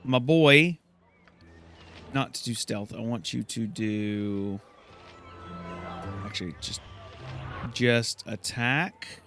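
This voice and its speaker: A young man hosting a let's play, casually thinking aloud and reacting excitably. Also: medium pitch, drawn-out words, pauses often, faint music behind. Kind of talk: gameplay commentary.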